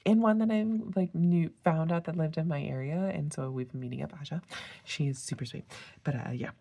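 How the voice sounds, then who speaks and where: Chatty woman vlogger, tired, very low and gravelly, rambling and casual. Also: a little fast, warm tone. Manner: chatty, rambling with tangents and fillers. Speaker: planner sticker vlogger. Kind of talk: casual chat.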